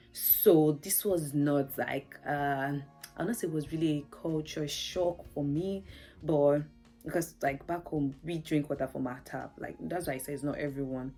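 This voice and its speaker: A woman's voice: deep voice, a little mellow, husky. A Nigerian woman vlogging in a casual, chatty, storytelling way, laughing often and saying "like" a lot. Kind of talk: casual chat to camera.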